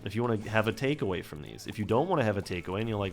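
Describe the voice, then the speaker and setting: A man's voice: fairly low pitch, expressive, fast talker, soft background music. A young man giving casual game commentary while he plays, rambling off on tangents and putting himself down. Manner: rambling, digressive, self-deprecating. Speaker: gameplay commentator.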